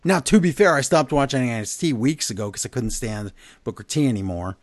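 A man co-hosting a podcast, recapping events in casual chat, animated and blunt with his opinions. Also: mid-range voice, fairly quick, no echo. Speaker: podcast co-host.

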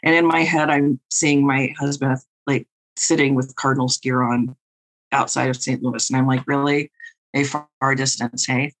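A woman's voice: extremely low pitch, level tone, moderate pace, poor audio. A woman co-hosting a podcast, telling a story in a wry, profane, laughing way. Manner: profane, wry, laughing through her stories. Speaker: podcast co-host and tarot reader. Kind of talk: casual storytelling chat.

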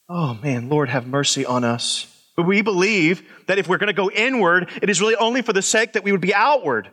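A middle-aged pastor delivers a sermon in a high, bright voice. He talks expressively, climbing on his points and sinking into quiet, low remarks. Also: moderate pace. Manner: expressive, swings from loud emphatic highs to low quiet asides.

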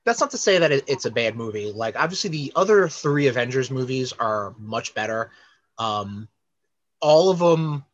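Guy on a podcast rambling about movies, bright punchy voice, lots of ums. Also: medium pitch, lo-fi sound. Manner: rambling, many fillers, animated. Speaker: podcast co-host. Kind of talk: casual chat about films and comics.

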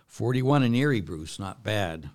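Older male priest, very low voice, live Q&A, casual and animated. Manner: animated, laughs and gets loud telling stories; slow, hushed emphasis in prayerful reflection. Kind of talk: live Q&A, reading viewer comments.

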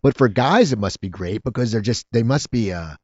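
Fast-talking male interviewer, rambling. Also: lowish voice, animated, no echo, dull audio. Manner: rambling, eager questions. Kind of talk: casual interview chat.

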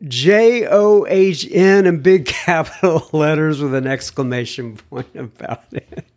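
A man's voice: a little high, animated, slow. A man hosting a podcast, reading a listener's email aloud with amused laughs and heartfelt thanks. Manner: warm, amused, laughs often, lifts his voice to read quotes. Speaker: podcast host.

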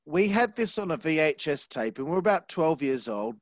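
A man's voice: on the high side, big pitch swings, moderate pace, no echo. A man whose voice sits a little above most men's, recorded close and dry with almost no room sound. He hosts in a loose, rambling way, laughs easily and makes fun of himself as he goes. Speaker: podcast host. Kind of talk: casual interview chat.

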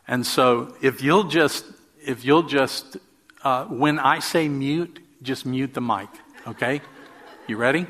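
A man in his sixties, a pastor, preaching a sermon and telling personal stories with quick bursts and drawn-out emphasis. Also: medium pitch, a bit bright.

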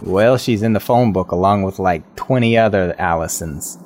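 A man's voice: sits low, moderate pace, darkish tone. A man playing a brash young musician. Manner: casual, profane, street slang. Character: young male musician James, brash and confused. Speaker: player. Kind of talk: in-character tabletop role-play.

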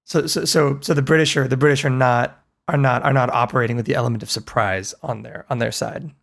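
A man with a gravelly edge to a mid-range voice chimes in as a podcast co-host. He reacts in a lively, joking way to what he hears. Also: mid-range voice, brisk. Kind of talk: casual chat.

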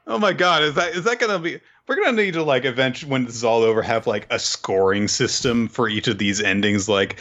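A man co-hosting a podcast in casual chat, animated and joking. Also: mid-range voice, brisk, hardly any pauses. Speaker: podcast co-host. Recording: dull lo-fi sound.

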